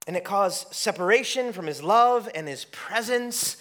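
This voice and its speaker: A man preaching a sermon, animated and conversational, acting out dialogue and often restarting his sentences. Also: high voice, a little slow. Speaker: pastor.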